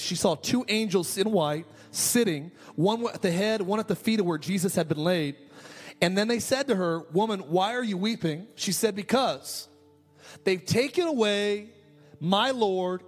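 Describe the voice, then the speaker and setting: A man preaching a sermon as a pastor, asking rhetorical questions and repeating key phrases. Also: sits high.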